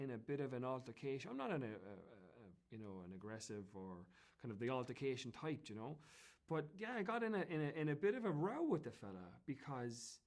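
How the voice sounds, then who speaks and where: An Irish man telling anecdotes as an interview guest, in a chatty, animated way that often breaks into laughter. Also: a little high. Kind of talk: casual storytelling.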